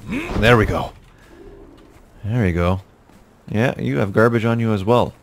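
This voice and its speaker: Low-voiced man narrating his gameplay. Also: measured pace, creaky, long pauses, noisy background. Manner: talks to himself, jokey, exasperated outbursts. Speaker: gaming YouTuber. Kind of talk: casual gameplay commentary.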